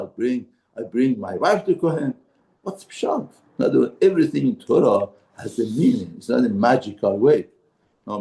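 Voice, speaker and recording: A middle-aged man with a Persian accent, giving a short mussar lesson as a rabbi, animated and full of rhetorical questions. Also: medium pitch, gravelly, rough recording. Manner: animated, rhetorical questions, acts out what people shout. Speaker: rabbi teaching a Torah lesson.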